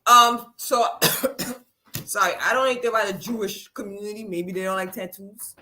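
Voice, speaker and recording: A woman's voice: mid-range voice, steady tone, normal speed, sharp tone, slight background noise. A woman co-hosting a casual reality TV recap, giving blunt, dismissive opinions. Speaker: podcast co-host.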